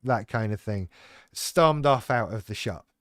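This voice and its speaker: A man's voice: fairly low pitch, animated, a little slow, dry recording, studio quality. A man telling a personal story in a rambling, self-deprecating way with a lot of swearing. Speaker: channel host talking about living with BPD. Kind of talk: casual personal monologue.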